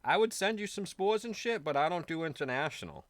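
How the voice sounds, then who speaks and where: A man's voice: on the high side, expressive, brisk, no echo, studio quality. A man co-hosting a live online show, chatting in a laid-back way and laughing easily. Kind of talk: casual chat on a live stream.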